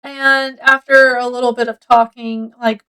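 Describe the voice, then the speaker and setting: A woman with a high, bright, smooth voice chats through a book review at an unhurried pace, her tone level yet forceful. She rambles while retelling the story, sprinkling in likes and ums, and the audio quality is poor.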